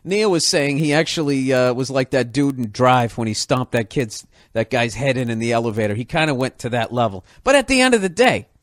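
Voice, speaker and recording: A man's voice: medium pitch, brisk, few pauses, no room sound, studio quality. A man telling a story as a comic rant, swearing freely and acting out the people in it. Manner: profane, animated, mimics people in the story.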